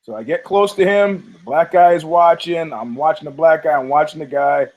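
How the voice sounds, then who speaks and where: A man hosting a podcast, telling a story in a casual, profane, animated way and acting out the people in it. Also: a little high, moderate pace, dull audio. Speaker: podcast host.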